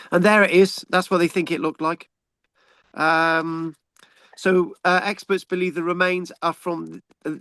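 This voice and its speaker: A man's voice: a little high, fairly bright tone, no echo. A man from England hosting a casual history talk, rambling with frequent ums and repeated words as he reads out the news. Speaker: history channel host.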